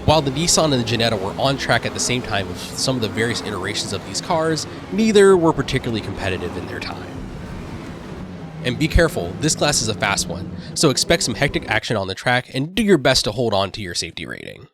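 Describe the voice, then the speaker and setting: A man's voice: mid-range voice, big pitch swings, quick pace, noisy background. A man hosting a weekly gaming recap, reading a scripted voice-over in a dry, matter-of-fact way with the odd wry aside. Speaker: gaming channel host.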